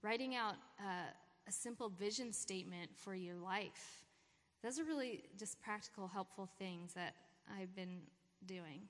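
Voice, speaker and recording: A woman's voice: medium pitch, unhurried. A woman giving an informal, encouraging sermon talk at a church gathering. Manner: encouraging, warm pep talk with laughter. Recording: long hall reverb.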